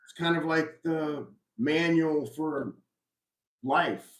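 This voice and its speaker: Middle-aged male host, slightly high voice, reflective and rambling, roomy echo. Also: takes it slowly. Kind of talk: casual live chat about faith.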